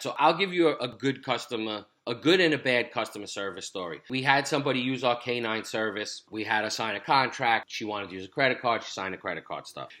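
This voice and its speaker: Bright-voiced man telling a business story. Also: mid-range voice. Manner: storytelling, candid. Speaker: business owner. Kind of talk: casual business chat.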